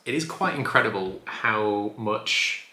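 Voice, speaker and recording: A man's voice: lowish voice, animated, slow, pushed and bright. A man chatting enthusiastically as he reviews a spirit, often correcting himself. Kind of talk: casual review vlog. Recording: echoey room.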